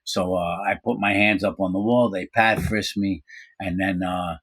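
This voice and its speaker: A middle-aged man casually telling a story from his own life, animated, acting out quoted voices, with frequent fillers. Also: deep voice, moderate pace. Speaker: storyteller recounting his prison time.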